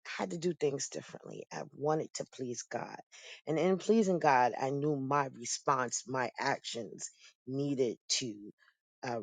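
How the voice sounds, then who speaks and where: A middle-aged woman giving a personal testimony in a lively, storytelling way, often breaking into laughter. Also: a bass voice, vocal fry, no echo. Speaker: guest sharing testimony.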